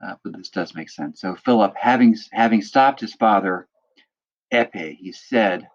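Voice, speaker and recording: A man's voice: fairly low pitch, moderate pace, dull audio. A man teaching a lecture, explaining step by step and checking in with students by asking "right?" again and again. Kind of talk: recorded lecture walking through a text.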